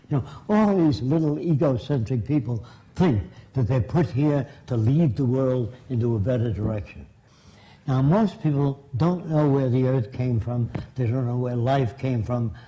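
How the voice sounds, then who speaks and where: An older man giving an informal talk, telling sardonic stories and mocking asides, sometimes putting on quick voices for the people he quotes. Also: medium pitch, warm tone, low-quality recording. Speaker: speaker on science and religion. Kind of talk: informal lecture.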